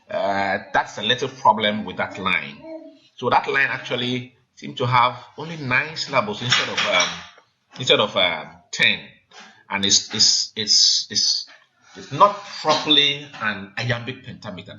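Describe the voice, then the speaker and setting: A man teaching a poetry lesson, explaining in a measured, hesitant way with frequent pauses and filler sounds. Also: lowish voice, sharp tone. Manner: measured, hesitant, frequent ums, counts syllables aloud. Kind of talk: recorded literature lesson. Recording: dull lo-fi sound with faint noise.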